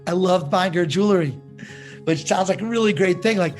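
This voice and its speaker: A man, a rabbi teaching a class, telling a parable in a lively, conversational way and putting questions to his listeners. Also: high-pitched, fairly quick, faint music behind. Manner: animated storyteller who acts out dialogue; conversational, asks the audience questions.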